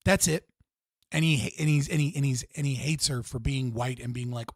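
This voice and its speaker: A man's voice: on the high side, animated, moderate pace, a bit bright, no room sound, clean studio sound. A man hosting a live stream, ranting in a heated, profane way and repeating himself for emphasis. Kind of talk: livestream political rant.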